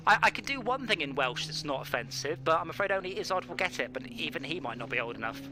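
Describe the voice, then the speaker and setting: A British man hosting a live sim-racing stream, chatting casually and bursting into loud shouts at other drivers. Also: a little high, big pitch swings, quick pace, noisy background. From Britain. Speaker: stream host and server admin.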